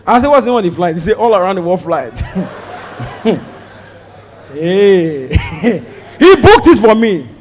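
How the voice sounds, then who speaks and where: Animated high-voiced Nigerian comedian. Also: male voice, unhurried, long pauses, long reverb tail. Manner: animated, acts out dialogue with sudden loud outbursts. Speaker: stand-up comedian. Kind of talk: stand-up comedy storytelling.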